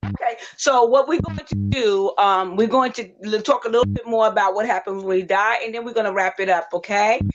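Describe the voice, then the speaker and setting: A woman psychic on a livestream, talking gently and reassuringly, with many fillers as she tells a story. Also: medium pitch, animated, brisk. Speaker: psychic panelist. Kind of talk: livestream talk. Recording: dull lo-fi livestream audio.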